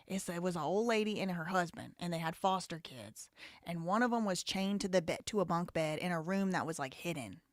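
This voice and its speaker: A woman's voice: lowish voice, animated, fairly quick, no room sound, studio quality. Fiery, blunt woman hosting a commentary show. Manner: heated, blunt and profane. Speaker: show host. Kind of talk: live commentary.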